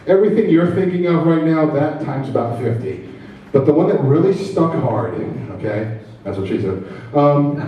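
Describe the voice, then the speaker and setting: A man performs stand-up in a comedy club, talking into a handheld mic with a mellow, low-key tone. He is chatty and self-deprecating and teases the crowd as he goes. The sound is very echoey and comes from some distance away. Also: a little hiss or hum. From New Jersey.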